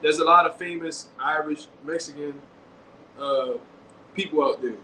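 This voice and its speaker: A boxing show host riffs through casual commentary in quick slang and animated bursts, acting out quotes as he goes. His voice is high and bright, ringing in an echoey room with a faint hiss underneath.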